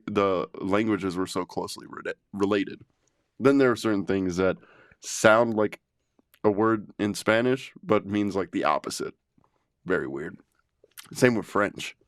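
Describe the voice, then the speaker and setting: A man's voice: lowish voice, dry recording, clean studio sound. A man co-hosting a podcast in casual chat, laughing often and swearing freely. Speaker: podcast co-host.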